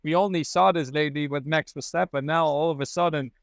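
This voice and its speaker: Guy reporting from the paddock, fired up, slightly high voice, dry sound. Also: fairly even intonation, fast, creaky, dry recording. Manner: enthusiastic, non-native phrasing. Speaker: motorsport reporter, co-host. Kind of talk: casual on-site chat. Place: outdoors at a race paddock.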